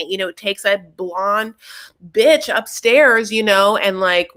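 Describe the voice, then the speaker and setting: A woman's voice: medium pitch, normal speed, fairly bright tone. A woman hosting a casual chat, rambling through a recap with lots of fillers and acted-out quotes. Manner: rambling, filler-heavy, acts out quotes in funny voices. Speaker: host.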